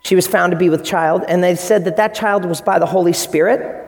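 A man preaching a sermon as pastor, telling stories with lively acted-out quotes. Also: high-pitched, brisk, gravelly, in a large hall. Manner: animated storytelling with acted-out quotes.

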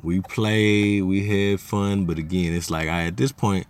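A fairly low-voiced man with a drawl tells stories on his own podcast. He rambles casually and talks in slang, and he gets loud and heated when he is riled up. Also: fairly even intonation, a little slow. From Arkansas, USA. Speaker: podcast host. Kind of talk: casual storytelling monologue.

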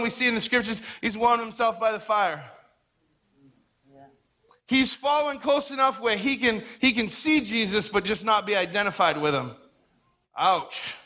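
A male pastor delivers an animated sermon in a high, bright voice. He slips into quoted voices to play out little scenes and doubles his words for emphasis.

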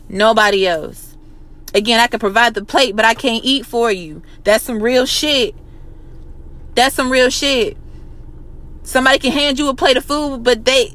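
A woman's voice: on the high side, a bit bright. Profane, pep-talking woman. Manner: blunt, profane, repeats phrases for emphasis. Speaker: motivational vlogger. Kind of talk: casual motivational pep talk.

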